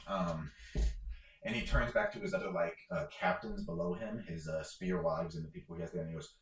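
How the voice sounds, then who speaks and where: A man's voice: sits low, fairly even intonation, fairly quick, fairly bright tone, echoey room, poor audio. A man narrating as game master of a tabletop game, rambling with many fillers.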